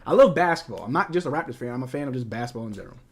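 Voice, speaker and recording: A man hosting a live basketball watch-along, calling plays with excitement and chatting casually about the team. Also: mid-range voice, racing, slightly rough. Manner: casual, excitable play-by-play mixed with candid fan opinions. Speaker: fan livestream host.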